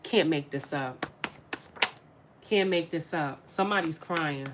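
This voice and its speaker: A woman's voice: sits low, slow, noisy background. A woman giving a casual spiritual tarot reading straight to her viewers, emphatic and repeating her phrases as she addresses them directly. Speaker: tarot reader.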